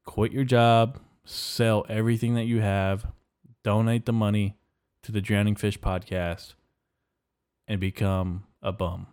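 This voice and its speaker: A young man riffs through a comedic podcast rant, swearing constantly and sounding mock-outraged as he rambles from one gripe to the next. His voice sits on the low side and comes through smooth and resonant. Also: little pitch movement, a little slow, darkish tone. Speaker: podcast host.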